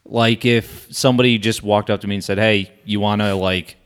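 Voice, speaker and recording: A man's voice: lowish voice, fairly even intonation, moderate pace. A man co-hosting a casual podcast, laid-back and teasing, laughing a lot. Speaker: podcast co-host.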